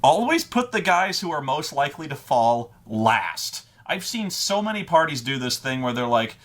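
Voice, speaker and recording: A man's voice: a little high, sing-song, moderate pace, hardly any pauses, a bit bright. A man who runs tabletop games, talking casually and giving advice in a rambling, profane way with stammering restarts. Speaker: dungeon master giving gaming advice. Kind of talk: casual unscripted monologue.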